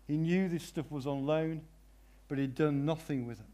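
A man delivers a sermon in a slightly raised voice. He shifts from soft, prayerful murmurs to loud, emphatic cries and repeats key questions with drawn-out phrasing. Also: on the high side. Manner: dramatic swings between hushed prayer and loud cries. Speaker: preacher.

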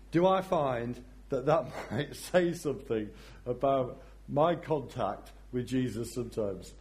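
Slow, reflective male preacher. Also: mid-range voice, lively intonation. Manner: reflective, slow, drops to soft emphasis. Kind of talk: sermon.

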